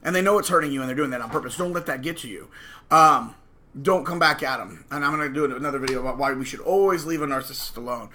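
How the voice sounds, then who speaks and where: Forceful, emphatic man lecturing to camera. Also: mid-range voice, fast talker, slight background noise. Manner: combative, preachy and emphatic. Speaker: channel host. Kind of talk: casual monologue to camera.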